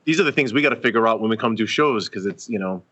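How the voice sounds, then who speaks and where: Fast-talking bright-voiced man. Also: on the low side, muffled recording. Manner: quick, chatty, lists examples. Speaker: comedian guest. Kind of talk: casual podcast chat.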